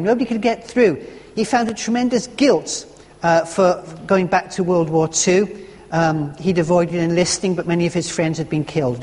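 High-voiced preacher in a reverberant church. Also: male voice, darkish tone. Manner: conversational, earnest, reads quotes aloud. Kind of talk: sermon.

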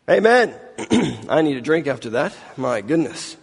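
A man's voice: fairly high pitch, very animated, a little slow, gravelly, slightly rough. A man reading scripture aloud and then preaching a sermon in a conversational way, with casual self-deprecating asides. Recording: long hall reverb.

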